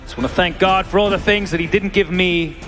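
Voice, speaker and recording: A man's voice: high-pitched, fairly quick, over music. Man giving analytical commentary. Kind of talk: esports commentary.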